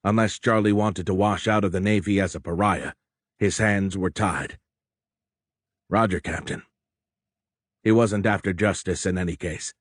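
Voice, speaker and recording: A male narrator reads a war novel in a measured, steady storytelling manner. His voice sits fairly low, and the studio recording is close and completely dry. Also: no echo. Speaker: audiobook narrator. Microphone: close studio mic.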